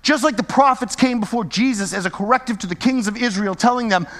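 Man, high voice, lively sermon teaching, checks in with listeners, long reverberant hall. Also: fast talker. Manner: lively, keeps checking in with listeners with "right?" and "okay?". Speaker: Bible teacher.

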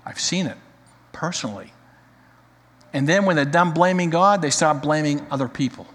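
A male pastor preaching a sermon, dramatic, swinging between loud emphasis and quiet, full of rhetorical questions. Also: a little high, normal speed, husky, big-room sound.

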